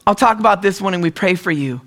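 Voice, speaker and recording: A man from the US Northwest preaching a conversational sermon, telling stories and often clearing his throat. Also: high voice, fast talker, fairly bright tone, soft background music. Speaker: pastor.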